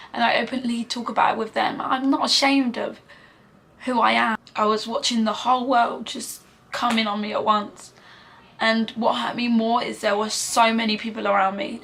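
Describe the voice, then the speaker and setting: Earnest British teen woman, higher voice. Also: a bit bright, a little hiss or hum. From Britain. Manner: earnest, recounting with quoted dialogue and frequent fillers. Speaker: vlogger. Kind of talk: casual storytime vlog.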